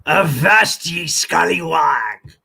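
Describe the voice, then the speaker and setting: A man's voice: a little high, lively intonation, takes it slowly, vocal fry, bright, forceful tone, slightly rough, exaggerated voice. A man putting on the voice of a boisterous, bloodthirsty pirate captain, growling stock pirate talk. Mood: swaggering.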